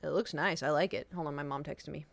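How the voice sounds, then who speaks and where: A woman in her thirties chatting casually on a live stream, telling a rambling, animated story with restarts and the odd swear word. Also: low voice, fast, vocal fry. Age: 30s.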